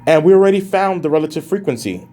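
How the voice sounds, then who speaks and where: A man's voice: fairly high pitch, animated, fast talker, dark tone, soft background music. A man teaching a math lesson as a professor in a recorded lecture, casual and plain-spoken, addressing students as guys and thinking aloud as he works through calculations.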